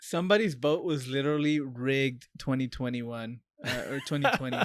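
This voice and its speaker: A man co-hosting a podcast, telling stories in a casual, profane, animated way. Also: mid-range voice, normal speed, dry recording, clean studio sound. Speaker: podcast co-host. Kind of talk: casual chat.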